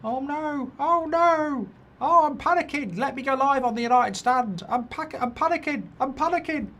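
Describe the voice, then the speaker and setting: A man putting on the voice of a frantic, panicking male football pundit, shrill and squealing. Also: moderate pace, a bit bright.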